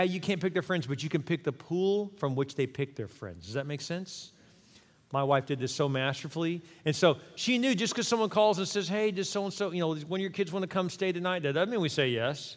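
A middle-aged man preaching a sermon in a church, animated and conversational, acting out quotes as he goes. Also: medium pitch, in a large hall. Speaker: pastor. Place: church sanctuary.

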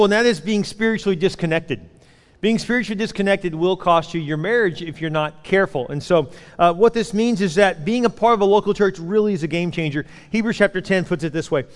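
A man in his forties preaching a sermon as pastor, animated and acting out voices while he tells stories. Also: sits high, brisk. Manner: animated storytelling, acts out voices. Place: church auditorium. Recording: long hall reverb.

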